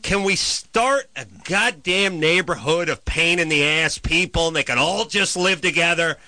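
A man telling a comic story as a profane, exasperated rant that swings into loud shouted bits. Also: a little high, expressive, unhurried, no echo.

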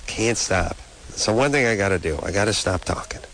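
A man's voice: lowish voice, animated, moderate pace, fairly bright tone, slight background noise. A man co-hosting a late-night call-in radio show, joking bluntly and riffing, with a sore throat and stuffy nose. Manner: joking, blunt, rambling riffs. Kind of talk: casual comic radio banter.

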